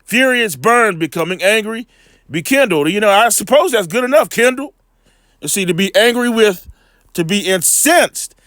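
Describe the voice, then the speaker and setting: A man giving a loose, slangy scripture lesson, full of fillers and repeated "all right", slowing down when he reads the verses. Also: high-pitched, animated, a bit bright, dry recording, clean studio sound. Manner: reads scripture slowly and deliberately. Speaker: bible teacher.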